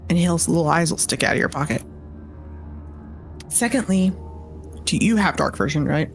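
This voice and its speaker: Female tabletop player, lower pitch, inquisitive casual chat, soft music underneath. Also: lively intonation, moderate pace. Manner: inquisitive, asks many questions.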